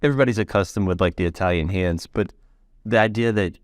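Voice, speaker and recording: Lower-voiced enthusiastic American man. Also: quick pace, dry recording, studio quality. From United States. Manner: enthusiastic, rambling, filler-heavy. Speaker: podcast host. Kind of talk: casual interview chat.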